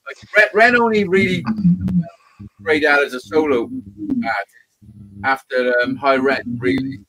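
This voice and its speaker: A man's voice: mid-range voice, measured pace, bright, forceful tone, no echo, low-quality recording. A man co-hosting a live stream, chatting casually and emphatically, with some swearing. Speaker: co-host.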